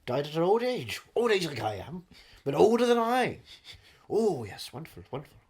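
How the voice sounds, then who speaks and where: A man's voice: fairly high pitch, very animated, normal speed, a crowd in the background. A man doing a comic impression of a pompous aging movie star who rambles and keeps saying "wonderful". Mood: rambling. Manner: rambling, repeats "wonderful" constantly.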